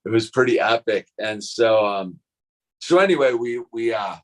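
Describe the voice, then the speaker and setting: A man's voice: lowish voice, normal speed, low-quality recording. A man chatting casually on a live stream, rambling in a laid-back way and dropping "dude" and "like" into most sentences. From California. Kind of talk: casual chat.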